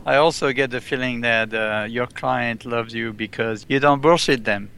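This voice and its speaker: A man hosting a podcast interview in a relaxed, casual way, chiming in with quick affirmations and laughing easily. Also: medium pitch, creaky, a little hiss or hum. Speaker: podcast host.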